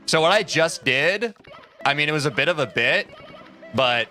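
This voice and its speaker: Bright-voiced casual streamer guy. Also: on the high side, animated, moderate pace, faint music behind. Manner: chatty, swears casually, answers chat messages. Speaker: speedrunning streamer. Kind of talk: casual live-stream chat while playing.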